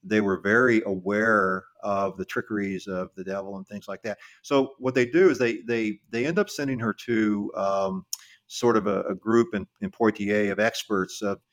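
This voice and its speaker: A middle-aged man co-hosting a podcast, telling a history story in a casual, halting way with many restarts and repeated words. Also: on the low side. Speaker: podcast co-host.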